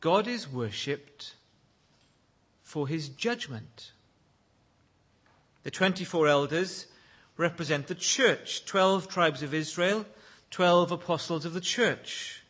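A man preaching a sermon with a high, bright voice. He speaks slowly and earnestly, and swells to loud exclaims when he quotes lines of praise. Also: lively intonation, husky. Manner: leads prayer in a hushed, low voice.

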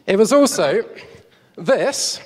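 Lively preacher in a reverberant hall. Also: male voice, high-pitched, slow pace, noisy background. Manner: lively storytelling, chatty asides to the audience. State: out of breath. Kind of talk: sermon with live props. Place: church hall stage.

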